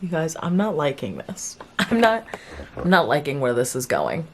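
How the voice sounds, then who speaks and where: A young woman with a low-pitched voice talks straight to her viewers in a casual, chatty way. She is animated and laughs often as she reacts to what she is reading. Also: normal speed, soft background music. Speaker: book vlogger. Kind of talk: casual chat to camera.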